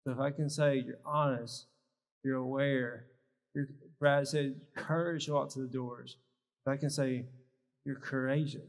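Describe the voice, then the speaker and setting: A man's voice: mid-range voice, flat delivery, measured pace. A man giving a live workshop talk at a health symposium, teaching with short, emphatic phrases. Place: large church hall. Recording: long reverb of a large hall.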